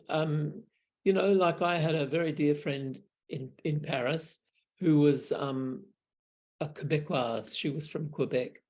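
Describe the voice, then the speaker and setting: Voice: medium pitch, unhurried, a little mellow. A speaker in casual conversation, chatty and hesitant, often restarting phrases.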